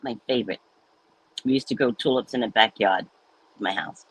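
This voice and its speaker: A woman's voice: very deep voice, brisk, slightly rough, low-quality recording. A middle-aged woman hosting a casual livestream, chatting and reading viewer comments aloud. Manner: chatty, animated, reads chat aloud. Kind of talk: casual chat.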